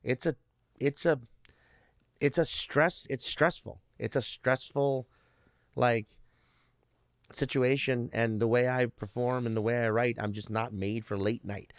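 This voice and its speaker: Storytelling on a casual podcast, a man in his thirties who does stand-up swears a lot, rambles and keeps restarting. His medium-pitched voice has fairly even intonation and a slightly slow pace with frequent pauses, and the recording is dry and studio quality.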